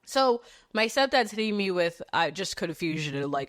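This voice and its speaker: A young woman, hosting a podcast and telling a story in a dramatic, animated way, swearing freely and acting out what people said. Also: lowish voice, fairly quick, no room sound, studio quality. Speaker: podcast host. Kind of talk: casual storytelling monologue.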